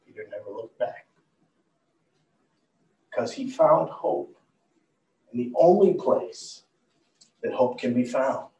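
A man preaching a storytelling sermon, animated, swinging from loud to hushed. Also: medium pitch, takes it slowly, pauses often. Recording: roomy, far from the mic.

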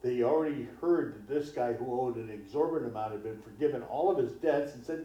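A man's voice: mid-range voice, a little fast, few pauses, dark tone. A male pastor preaching a sermon in a conversational way, full of rhetorical questions. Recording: distant, echoey, dull hall recording.

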